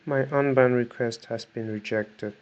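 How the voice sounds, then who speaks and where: A man's voice: mid-range voice, fairly even intonation, unhurried, lo-fi sound. A man talking to his viewers in a matter-of-fact, self-justifying way. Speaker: video creator. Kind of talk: explaining to camera.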